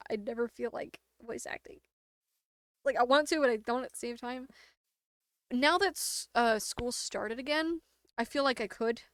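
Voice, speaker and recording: A woman's voice: a little high, a bit bright, dry recording. A young adult woman streaming a game and chatting casually with a sore throat. She rambles, uses lots of "like" fillers, and laughs often. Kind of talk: casual chat while gaming.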